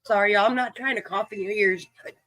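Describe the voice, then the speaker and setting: A woman's voice: mid-range voice, fast, a bit bright, no room sound, poor audio. Coughing, breathless woman streamer. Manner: folksy, teasing, profane, chatty. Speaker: live stream host dealing a card game. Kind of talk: casual chat with viewers.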